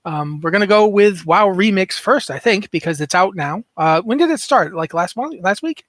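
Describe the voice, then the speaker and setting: High-voiced male podcast host, dry mic. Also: lively intonation, normal speed, a bit bright, no room sound. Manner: rambling, self-mocking banter. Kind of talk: casual podcast chat.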